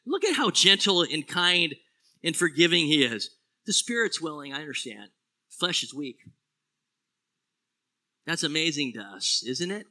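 Animated preaching man, bright high voice. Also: unhurried, pauses often. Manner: animated, swings from loud exclamations to hushed low phrases. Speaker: pastor. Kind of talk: sermon.

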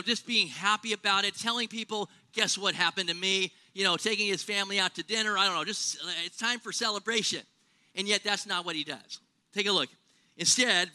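A man's voice: high voice, pushed and bright. A man preaching a sermon in a conversational way, asking rhetorical questions and exaggerating for humor. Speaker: pastor.

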